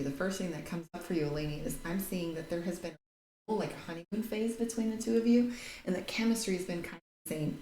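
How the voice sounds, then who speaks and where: Her voice is on the low side and a little mellow as she does casual live tarot readings. Of Irish heritage, she's chatty and blunt, reads out viewer comments, and swears occasionally, recorded in an echoey room with faint noise.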